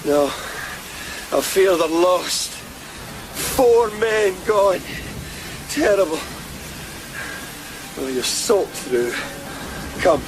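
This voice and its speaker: An actor playing a kindly, concerned village weaver with a Scottish accent, speaking plainly and coaxingly in a radio drama. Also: male voice, high voice, animated, drawn-out words, pauses often, noisy background, exaggerated voice. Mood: gentle concern. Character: Thomas Buchan, a kindly middle-aged village weaver.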